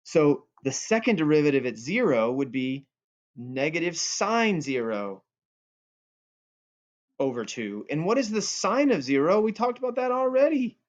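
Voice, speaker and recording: A man teaches calculus in a playful, joking manner, breaking up the steps with asides. His voice sits a little on the high side. The recording sounds dull and lo-fi. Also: very animated, unhurried. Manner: playful and goofy, jokes with students. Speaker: math teacher. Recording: dull lo-fi audio.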